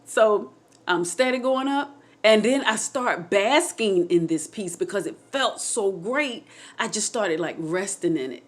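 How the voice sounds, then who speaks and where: A woman shares her own faith story on her channel, speaking straight to her viewers. She gets animated and excitable as she tells it. Her voice sits in a middle pitch. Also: a little slow. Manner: testimonial, faith-filled. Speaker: channel host telling a personal story. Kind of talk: emotional personal storytelling.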